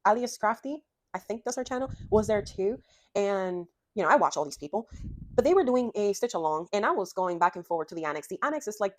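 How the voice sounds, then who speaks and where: A young adult woman gushes about cross stitch in a casual vlog filmed in her home craft room, rambling with lots of fillers. Her voice is medium-pitched, with no room sound.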